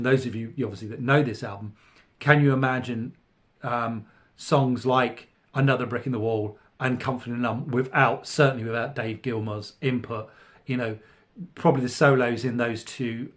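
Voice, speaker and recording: A middle-aged man hosting a casual podcast about vinyl records, rambling with many fillers and restarts. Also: mid-range voice. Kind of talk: casual spoken review.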